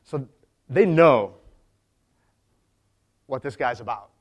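A man's voice: medium pitch, expressive, slow. A man preaching in a conversational way, telling stories with frequent restarts and asides. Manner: chatty storytelling with frequent restarts. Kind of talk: conversational sermon.

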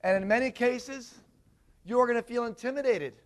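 A man delivers an energetic sermon, his voice pitched notably high for a man. He tosses questions out to his listeners and drives his points home with emphasis. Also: moderate pace. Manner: animated, asks the audience questions. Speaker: preacher. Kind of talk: sermon to a congregation.

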